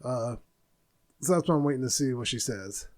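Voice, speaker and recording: A man's voice: medium pitch, lively intonation, normal speed, darkish tone. A man in his forties hosting a podcast, venting bluntly in a casual monologue. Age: 40s. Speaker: podcast host.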